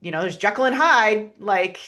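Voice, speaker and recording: A woman, a podcast guest, telling a personal story in an earnest, halting way, with many restarts and fillers. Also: medium pitch, expressive, pushed and bright.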